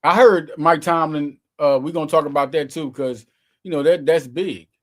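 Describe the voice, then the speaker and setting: A man's voice: fairly high pitch, normal speed, fairly bright tone. A man hosting his own sports show, giving casual, slangy, emphatic commentary straight to his viewers.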